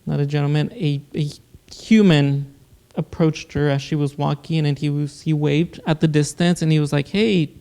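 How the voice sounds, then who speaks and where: A man, a podcast guest, earnestly telling a personal story in casual talk, with halting restarts. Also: fairly high pitch, steady tone, mellow, smooth. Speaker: guest, producer.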